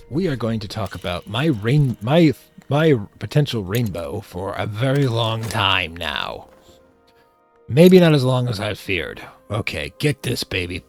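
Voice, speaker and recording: A man hosting a video game let's play, casually commenting and hamming up a would-be villain. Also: lowish voice. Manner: playful, slips into mock-villain theatrics.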